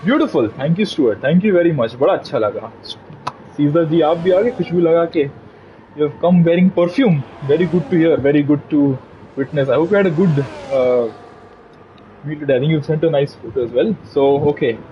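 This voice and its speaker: A man's voice: fairly high pitch, quick pace, highs cut off. Chatty male sim racing commentator. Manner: chatty, playful asides to viewers' comments. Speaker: race commentator. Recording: race car engine noise behind.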